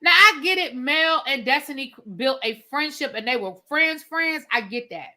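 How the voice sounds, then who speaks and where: A woman's voice: sits high, expressive, moderate pace, bright, forceful tone. A woman hosting a livestream as a reality TV reviewer, giving blunt, opinionated commentary with casual swearing and replying to viewer comments.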